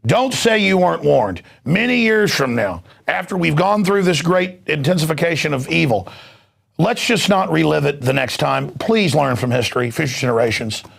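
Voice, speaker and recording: A man's voice: fairly high pitch, lively intonation, normal speed, a bit bright. A man hosting a talk show, delivering a heated, blunt political rant with repeated "okay?" and many restarts. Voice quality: gravelly. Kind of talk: ranting political monologue.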